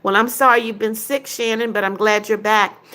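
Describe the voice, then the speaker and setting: A woman's voice: medium pitch, fairly even intonation, moderate pace, sharp tone. An older woman hosting a livestream, reading viewers' chat comments aloud and answering each one briefly in a casual way.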